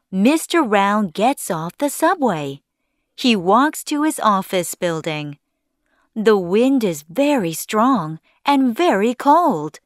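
Female storybook narrator, slow and clear, animated pitch, dry close mic. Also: no room sound. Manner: simple, clearly spaced sentences.

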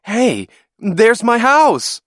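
A man voicing an eager young boy who loves airplanes, shouting with wide-eyed excitement. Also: medium pitch, moderate pace, no echo, clean studio sound, pitched above the performer's own voice, lightly acted. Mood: thrilled.

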